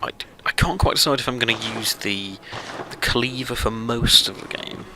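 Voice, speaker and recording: A man's voice: mid-range voice, moderate pace, background noise. A man hosting a let's play, rambling through casual gameplay commentary with lots of fillers and self-deprecating asides.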